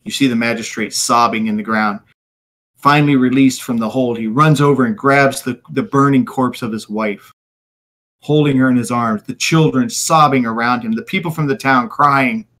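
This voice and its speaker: A man running a tabletop game, painting each scene in vivid, unhurried detail. His voice is bright and clear, at an ordinary pitch for a man. He pauses and restarts here and there as he describes. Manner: descriptive, vivid narration with fillers. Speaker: game master.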